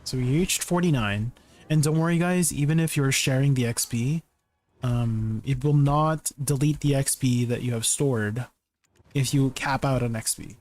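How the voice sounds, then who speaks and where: A man's voice: medium pitch, moderate pace, a little mellow. A man streaming a game, chatting casually, reading chat aloud and laughing often.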